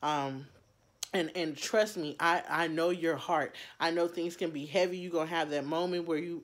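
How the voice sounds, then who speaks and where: A woman vlogger talking personally to her viewers in an earnest, heartfelt way, halting often with fillers and restarts. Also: low-pitched, fairly even intonation. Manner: heartfelt, speaks straight to viewers. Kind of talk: personal talk to camera.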